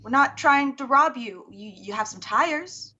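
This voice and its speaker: Female player, bright and sharp, chatty, lo-fi. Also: sits high, lively intonation. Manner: chatty, quick to laugh. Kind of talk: tabletop role-play. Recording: slightly dull lo-fi sound.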